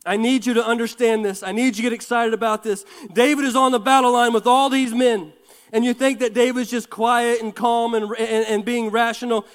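A pastor with a strikingly high male voice delivers a fervent sermon, building to shouted peaks between casual asides. His words carry a long reverb from the church sanctuary. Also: flat delivery, clean tone. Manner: fervent, preaching with bursts of shouting and quick asides.

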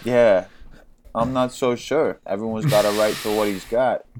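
A young man co-hosting a casual movie podcast, animated and laughing, often acting out characters. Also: on the low side, moderate pace, noisy background. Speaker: podcast co-host. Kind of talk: casual chat.

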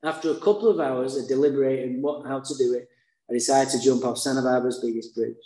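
Man, mellow-voiced, blunt and profane storyteller with dark humor, echoey room. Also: mid-range voice, fast talker. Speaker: speaker sharing his recovery story. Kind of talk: candid personal storytelling. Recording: roomy echo.

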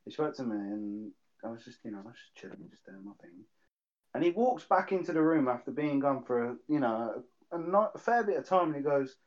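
Brisk, with lively intonation and a mid-range, slightly mellow voice, a young man recalls school days in casual talk. He's a guest and childhood friend who acts out quoted voices and swears freely, heard through dull lo-fi sound.

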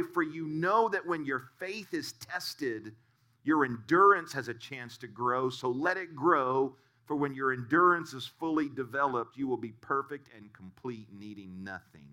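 A man's voice: mid-range voice, expressive, measured pace, pushed and bright. A male pastor giving a sermon and telling stories in an earnest way. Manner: storytelling, earnest.

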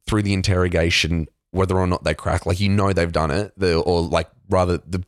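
Deep-voiced man telling a profane story. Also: steady tone, brisk, dry recording, clean studio sound. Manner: loose, profane storytelling with lots of fillers. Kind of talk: casual chat.

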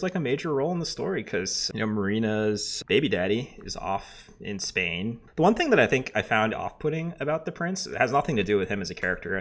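A man's voice: on the low side, fairly bright tone. A man co-hosting a podcast, chatting casually about a TV show in a loose, rambling way with many fillers and restarts. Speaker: podcast co-host.

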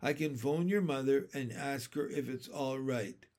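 Tired soft-spoken storybook mom, man reading her part. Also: mid-range voice, a little slow, lightly acted. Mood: weary. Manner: weary, soothing. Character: tired, gentle mother.

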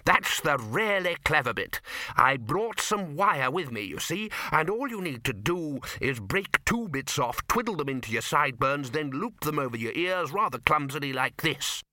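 A man's voice: on the high side, sing-song, moderate pace, no room sound, clean studio sound, pitched above the performer's own voice, full character voice. A man voicing a smug, chirpy wizard. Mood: pleased. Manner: bright and chirpy, self-satisfied. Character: eager, pleased-with-himself male wizard lecturer.

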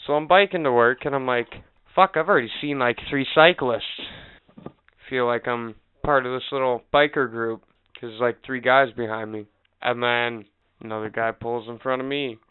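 A mid-pitched man with a very smooth, clear voice tells profane, animated stories on a casual podcast. He acts out other people's lines. The sound is thin, like a phone line. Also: normal speed. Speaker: podcast co-host. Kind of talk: casual storytelling chat.

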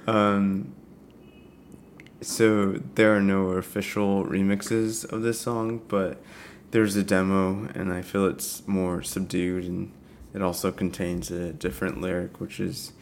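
A man's voice: deep voice, flat delivery, slow pace, slight background noise. A man co-hosting a podcast, chatting casually about music with hesitant, laughing, self-correcting talk. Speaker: podcast co-host.

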